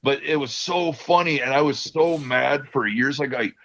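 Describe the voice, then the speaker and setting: A man's voice: mid-range voice, normal speed, few pauses, fairly bright tone. A man telling rambling stories in casual podcast chat, laughing often. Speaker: podcast co-host. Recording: dull lo-fi sound.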